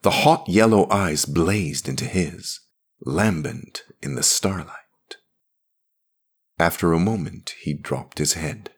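A man narrating a story aloud in an expressive, measured way. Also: sits low, breathy edge. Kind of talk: dramatic audiobook reading.

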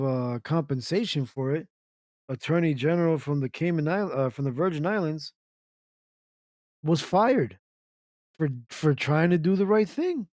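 Man, internet radio host, ranty live commentary, rhetorical questions, slightly high voice, dry sound. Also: darkish tone, no echo. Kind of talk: ranting live-stream commentary reading chat.

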